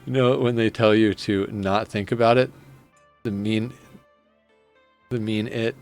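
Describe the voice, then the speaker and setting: A man's voice: lowish voice, steady tone, slow, pauses often, no room sound, faint music behind. A man chatting casually on a gaming live stream, rambling, sarcastic and swearing freely. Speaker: game streamer.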